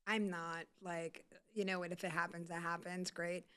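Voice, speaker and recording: A woman's voice: fairly low pitch, moderate pace, smooth. A woman hosting a podcast, telling a dating story in casual chat and acting out what people said. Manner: animated storyteller acting out quotes. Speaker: podcast host.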